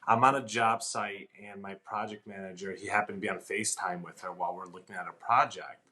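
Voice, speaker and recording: A man in his forties, a podcast guest, talking emotionally with halting repeats. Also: on the low side, steady tone, sharp tone. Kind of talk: casual chat.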